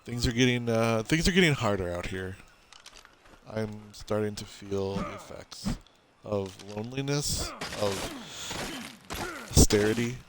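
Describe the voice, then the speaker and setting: A gameplay streamer with a fairly low voice rambles through let's-play commentary over some background noise. His tone is mock-earnest and confessional, and he keeps cracking jokes at his own expense.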